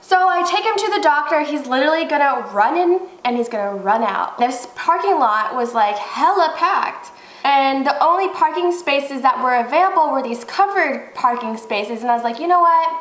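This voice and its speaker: A young woman vlogger telling a story in a casual, animated way, swearing freely. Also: high voice, moderate pace, echoey room, low-quality recording. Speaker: beauty vlogger.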